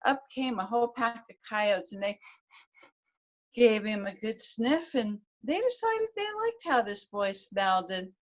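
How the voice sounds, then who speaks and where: A woman's voice: a little high, expressive, a little slow. Folksy woman telling a tall tale. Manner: folksy, with many restarts and repeated words. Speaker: storyteller. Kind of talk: live oral storytelling.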